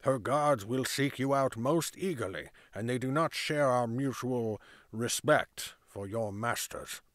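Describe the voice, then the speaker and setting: A man's voice: mid-range voice, unhurried, a bit bright, no room sound, studio quality, close to an everyday voice. A man voicing a stern male constable who speaks in grave, formal, clipped orders. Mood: warning. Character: stern male town constable, secretly helpful.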